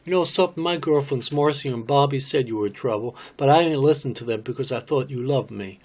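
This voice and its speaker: A man's voice: medium pitch, a little fast, darkish tone, a little hiss or hum, natural voice. A man voicing a hurt young wife who pleads and questions her husband, in a cold-read drama. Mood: pleading.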